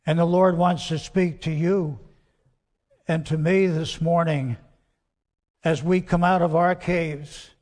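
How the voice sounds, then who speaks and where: A man preaching a sermon as pastor, slow and emphatic, dropping soft and quiet on key words, recorded in a church. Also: a little high, fairly even intonation. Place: church sanctuary. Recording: long church hall reverb.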